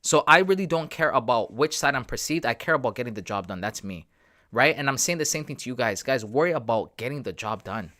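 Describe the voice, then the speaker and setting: A man's voice: mid-range voice, animated, fairly quick, sharp tone. A man hosting a live trading stream, talking straight to his viewers in a casual, emphatic, repetitive way. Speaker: trading livestream host.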